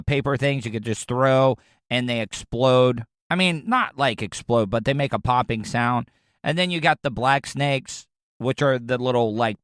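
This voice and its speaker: A man's voice: medium pitch, a bit bright, clean tone, no room sound, clean studio sound. A man from Florida hosting his own podcast, riffing in a crude, sarcastic, rambling way. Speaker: podcast host. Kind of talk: casual comedic commentary.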